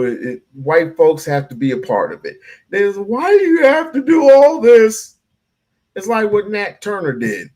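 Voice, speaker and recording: A man giving heated, profane live-stream commentary, ranting and repeating himself. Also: sits high.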